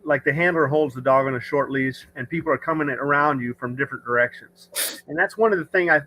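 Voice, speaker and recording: A man with a fairly high, bright, forceful voice hosts a casual livestream. He talks in a rambling, opinionated way, restarting sentences as he goes. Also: a little fast, low-quality recording. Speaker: podcast host. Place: rural home studio.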